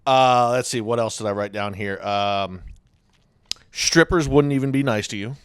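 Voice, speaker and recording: A man's voice: mid-range voice, normal speed, clean tone, no room sound. A man co-hosting a casual podcast, trading dry jokes and laughing at his own lines. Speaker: podcast co-host.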